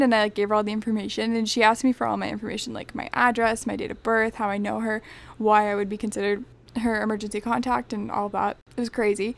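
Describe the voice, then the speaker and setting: A young woman co-hosting a podcast, telling a story in animated casual chat and saying "like" often. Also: mid-range voice, quick pace, gravelly. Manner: animated storyteller, heavy use of "like". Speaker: podcast co-host.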